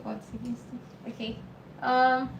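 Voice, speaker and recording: A woman teaching a live online beginner lesson, patient and repeating words slowly for learners. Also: fairly high pitch, little pitch movement, creaky, reverberant, recorded from a distance, highs cut off, heavy background noise. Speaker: language teacher.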